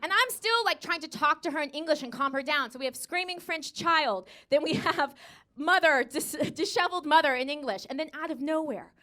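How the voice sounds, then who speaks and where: A woman's voice: sits high, fairly quick, pushed and bright. An American woman in her thirties performing live stand-up comedy, brassy and sassy, laughing at her own jokes and acting out voices. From United States. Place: comedy stage in front of a live audience.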